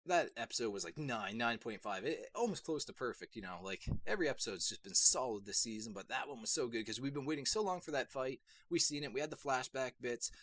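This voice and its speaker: A young man reviewing an anime episode on his channel, rambling casually with lots of fillers and bursts of excitement. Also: mid-range voice. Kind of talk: casual solo video review.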